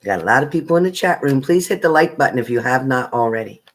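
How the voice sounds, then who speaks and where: A woman's voice: very deep voice, expressive, fast talker, low-quality recording. A woman tarot reader chatting casually on a live stream, reading out viewers' names and sometimes stumbling over them.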